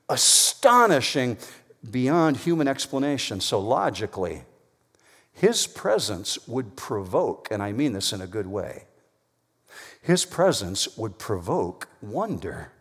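Man preaching, lively swooping delivery, emphatic, long hall echo. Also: mid-range voice, slow. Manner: emphatic, swings between loud declarations and quiet asides. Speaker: pastor. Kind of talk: sermon. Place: church hall with a congregation.

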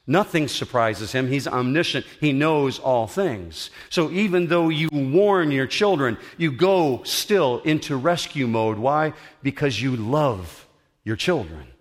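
A middle-aged man, a pastor, preaching a sermon in an auditorium, earnest and emphatic with dramatic pauses. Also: mid-range voice.

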